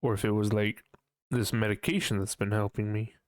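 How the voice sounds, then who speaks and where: A man's voice: fairly low pitch, flat delivery, a little fast, smooth, no echo, studio quality. A young man hosting a casual solo podcast, rambling and swearing often, laughing at himself and mimicking his own panicked voice. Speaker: podcast host.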